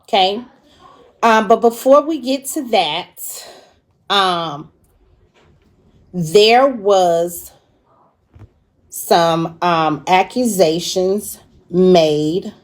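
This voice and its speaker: A woman delivers a live-stream rant at a deliberately slow pace, leaning on drawn-out words to drive each point home. She is confrontational and profane, laying out warnings like a host addressing her audience. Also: on the low side.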